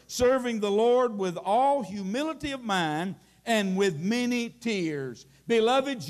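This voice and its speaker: High-voiced preacher in his sixties. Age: late 60s. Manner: folksy preaching with scripture quotes. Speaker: pastor. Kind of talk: sermon.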